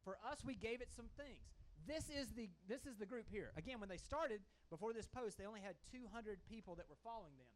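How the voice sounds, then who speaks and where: A man's voice: sits high, lively intonation, brisk, few pauses. A man presents at a conference with a folksy, emphatic manner, often checking in with the audience. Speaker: conference panelist. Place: conference hall stage. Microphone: handheld microphone.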